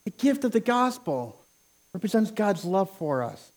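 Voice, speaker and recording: A man preaching a sermon with passion, near to yelling at times, often repeating words as he starts a phrase. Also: high-pitched, sing-song, unhurried. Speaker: pastor.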